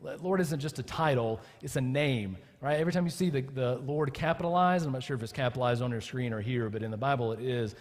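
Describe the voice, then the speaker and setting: A man's voice: mid-range voice, fast, few pauses, big-room sound. A man preaching a sermon as pastor, talking casually with his congregation and building to impassioned emphasis. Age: adult with children. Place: church.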